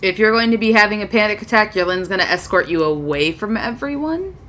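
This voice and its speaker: A woman's voice: mid-range voice, lively intonation, a little fast, fairly bright tone, a little hiss or hum. A woman running a tabletop game as game master, casual and tired, laughing between lines.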